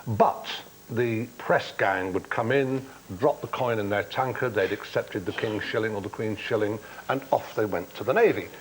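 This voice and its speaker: A man's voice: lowish voice, normal speed, few pauses, a little hiss or hum, rough recording. A man on a TV panel game telling a long, droll, theatrical story. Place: TV studio.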